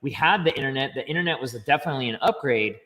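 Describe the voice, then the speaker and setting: A man explaining banking step by step in casual livestream chat, chatty and quick to laugh. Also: mid-range voice, bright, forceful tone, long reverb tail. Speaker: finance educator guest.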